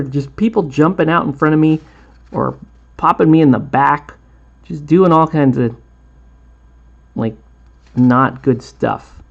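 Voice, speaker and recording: A man's voice: a little high, expressive, measured pace, vocal fry, long pauses, breathy edge, lo-fi sound. A man hosting a miniature painting tutorial, chatting in a rambling way and laughing often. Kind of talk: casual chat while painting a tutorial.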